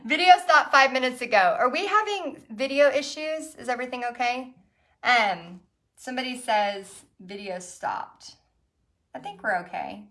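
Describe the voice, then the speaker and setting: Woman, middle-aged, fairly high voice, hosting an online paint party and telling stories. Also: expressive, normal speed, bright, forceful tone. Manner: chatty storytelling with frequent laughs. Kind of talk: casual chat while painting.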